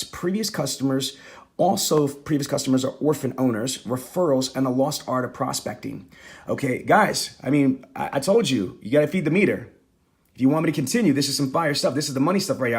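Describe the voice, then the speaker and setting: A man's voice: mid-range voice, slightly rough. A male sales trainer coaching a live online audience in an emphatic, repetitive, hyped-up way with chatty slang asides.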